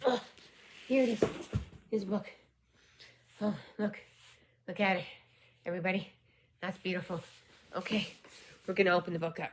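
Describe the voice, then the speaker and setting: Woman, book vlogger, casual chat, gushing, whispered asides, lowish voice, faint background noise. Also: normal speed, pauses often. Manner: gushing, excited exclamations, some whispered asides.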